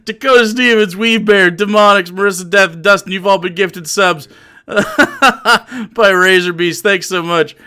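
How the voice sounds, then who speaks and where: A man's voice: high voice, expressive, takes it slowly, pushed and bright, clean tone. A man streaming live, chatting casually and mocking his chat with profanity and frequent laughter. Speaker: livestreamer.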